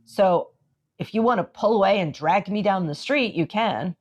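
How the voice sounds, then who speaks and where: A woman co-hosting a podcast, chatting casually and telling an animated story, acting out the dialogue and saying "like" often. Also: mid-range voice, normal speed. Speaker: podcast co-host. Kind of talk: casual chat.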